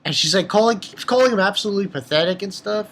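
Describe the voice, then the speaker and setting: A man casually recapping a manga chapter for his channel, rambling and excitable, with lots of fillers and restarts. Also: sits high, fast talker. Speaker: manga review channel host.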